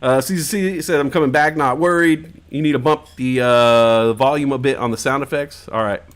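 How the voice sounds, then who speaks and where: A man's voice: medium pitch, normal speed. A man hosting a live-stream talk show, chatting casually with rambling jokes and plenty of swearing. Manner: rambling, joking, profane. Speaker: host. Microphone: headphones and desk mic at home stream.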